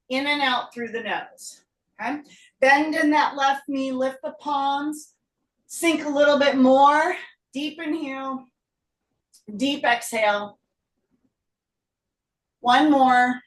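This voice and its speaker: A high-voiced woman leads a yoga class over a video call, calling out unhurried breath and pose cues while she moves through the poses herself. She sounds short of breath. Her voice comes from a distance in an echoey room. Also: fairly bright tone. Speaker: yoga teacher. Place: home room.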